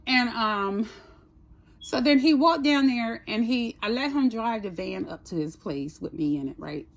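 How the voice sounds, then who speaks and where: A woman's voice: a little high, lively intonation, measured pace, gravelly, muffled recording. Chatty woman telling a story. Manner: chatty, keeps asking "right?", swears casually. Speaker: storytime vlogger. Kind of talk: casual storytelling.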